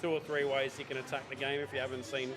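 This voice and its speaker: A man gives relaxed live commentary at a pinball club, chatty and full of small hesitations. His voice sits at an average pitch for a man. Loud music plays behind him. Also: fast. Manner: chatty, hesitant with frequent ums. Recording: music playing loudly behind.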